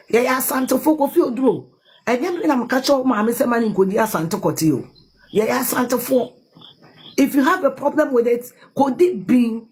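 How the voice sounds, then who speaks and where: A woman's voice: fairly high pitch, a little mellow, breathy edge. A Ghanaian woman delivering an angry, insulting rant, scolding someone and repeating her jabs. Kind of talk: angry ranting commentary.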